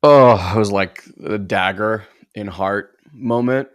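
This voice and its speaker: A man's voice: on the low side, slow pace. A man co-hosting a podcast, telling a personal story as a father in an earnest, reflective way, full of filler words. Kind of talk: casual conversational storytelling.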